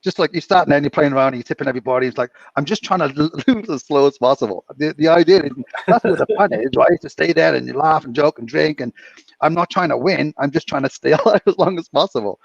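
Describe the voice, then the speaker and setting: A man's voice: fairly high pitch, quick pace, creaky, no echo. A man chatting casually as a podcast co-host, rambling and chuckling through his stories. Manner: rambling, chuckling storyteller with filler words. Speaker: podcast co-host, casino dealer. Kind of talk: casual chat. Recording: dull muffled dry mic sound.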